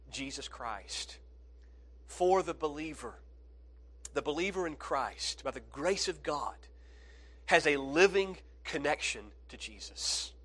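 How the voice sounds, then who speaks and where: A man preaching a sermon as a pastor, earnest, swinging between hushed phrases and emphatic ones. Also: a little high.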